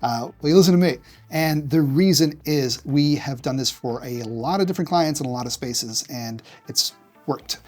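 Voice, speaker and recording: A man's voice: medium pitch, normal speed, a little mellow. A man presenting a business tutorial straight to camera, direct and punchy, acting out examples along the way. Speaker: marketing executive presenting a tutorial.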